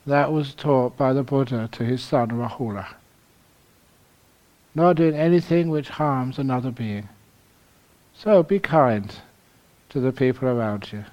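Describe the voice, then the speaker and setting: Man from London, Buddhist teacher; unhurried, mid-pitched, playful storyteller. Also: a little mellow, lo-fi sound. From London, England. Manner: humorous storytelling, laughs at his own jokes. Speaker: Buddhist monk, meditation teacher. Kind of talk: dharma talk at a meditation retreat.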